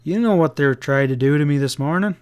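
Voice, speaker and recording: A man voicing a frightened young cowhand in a western audiobook, hurried and stammering. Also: a little high, clean tone, close to an everyday voice.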